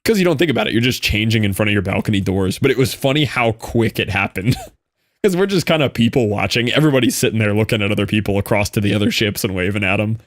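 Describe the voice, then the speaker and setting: A man's voice: fairly low pitch, quick pace, dry recording, clean studio sound. A man streaming a block-building game, chatting casually and joking back at the videos he plays. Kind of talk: casual gameplay commentary.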